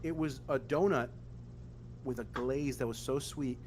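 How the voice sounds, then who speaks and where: Podcast host, man, mid pitch, swearing storyteller, audible background noise. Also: a little slow. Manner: animated, profane, acts out quotes. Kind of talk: casual chat, storytelling.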